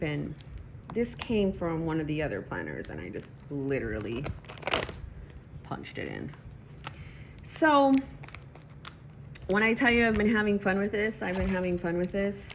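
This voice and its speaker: A woman in her thirties chatting casually at home about her planner, excitable and talking to herself as she goes. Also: fairly low pitch, noisy background. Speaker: planner vlogger. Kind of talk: casual chat.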